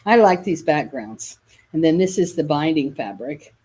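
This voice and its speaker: A woman's voice: deep voice, lively intonation, moderate pace, warm tone, breathy edge. A woman hosting a live sales video for quilt kits, chatty and enthusiastic, often correcting herself mid-sentence. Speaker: shop host selling quilt kits.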